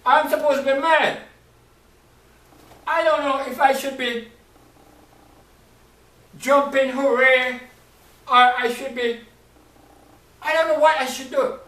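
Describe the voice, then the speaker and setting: A man's voice: mid-range voice, brisk, a bit bright, lightly acted. A preacher acting out a torn biblical man. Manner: pleading, impassioned. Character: torn, emotional biblical man longing for his little brother. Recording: roomy, distant mic, faint hiss.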